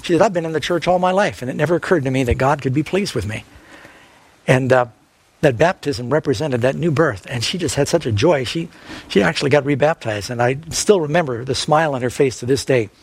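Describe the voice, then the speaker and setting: A man's voice: medium pitch, a little fast, slightly rough. A middle-aged man preaching an evangelistic sermon as a pastor, earnestly reading scripture and asking the audience questions. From Northern California.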